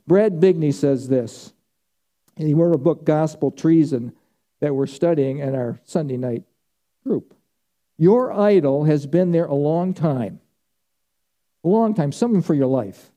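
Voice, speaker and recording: A man's voice: fairly high pitch, expressive, measured pace, mellow. A middle-aged male pastor preaching a sermon, emphatic and repeating key phrases for weight.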